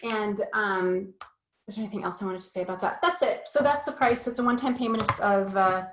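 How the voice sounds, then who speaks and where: A woman's voice: medium pitch, fairly quick, noisy background. A woman leads a casual course session for parents, chatty and loose with plenty of fillers. She has a mid-range voice. The sound is roomy and echoey. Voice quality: chatty, full of fillers, self-deprecating. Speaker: parent sex ed coach. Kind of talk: casual online course talk.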